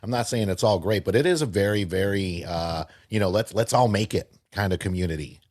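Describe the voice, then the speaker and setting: Deep-voiced easygoing male co-host. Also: brisk, a little mellow, no echo, studio quality. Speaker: podcast co-host. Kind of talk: casual chat.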